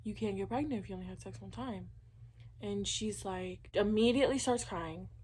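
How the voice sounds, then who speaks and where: A woman's voice: mid-range voice, moderate pace, a little mellow, breathy edge. A young woman casually telling a personal story, chatty and candid, filling her talk with "like" and acting out what people said. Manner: candid, chatty, many "like"s, acts out quoted dialogue. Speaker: vlogger.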